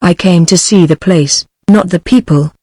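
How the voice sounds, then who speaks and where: Storybook reading: proud young wife, British woman's synthetic voice, even tone, dry. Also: lowish voice, moderate pace, slightly rough, no room sound. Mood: reserved.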